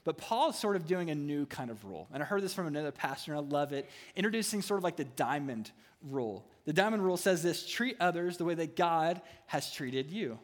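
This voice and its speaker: A man's voice: a little high, expressive, fairly quick. A man preaching a sermon as a student ministry pastor, with playful humorous asides. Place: church hall. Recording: reverberant hall.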